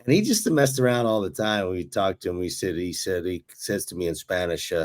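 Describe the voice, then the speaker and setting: A man, a former ballplayer, co-hosting a casual sports talk show and telling animated stories with chuckles. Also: low-pitched, fairly quick. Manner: animated storyteller who chuckles while recalling. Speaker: podcast co-host, former pro ballplayer.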